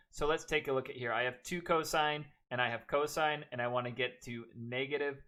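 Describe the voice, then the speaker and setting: A man's voice: medium pitch, fairly even intonation, a little fast, hardly any pauses, bright, forceful tone. A man teaching a math class, working through steps aloud and cracking chatty jokes at his students in a classroom. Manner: joking, chatty asides between worked steps. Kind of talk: classroom lecture.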